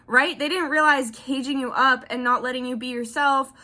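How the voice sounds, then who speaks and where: A woman's voice: sits high, steady tone, normal speed, bright, forceful tone. A woman giving a casual tarot reading, rambling and chatty with lots of filler words and casual swearing. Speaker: tarot reader.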